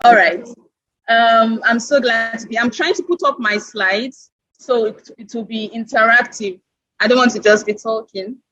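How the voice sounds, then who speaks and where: A woman's voice: a little high, moderate pace, a bit bright. A young woman, a student giving a friendly, informal talk in an online session. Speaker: guest speaker, computer science student. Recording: echoey distant lo-fi call audio.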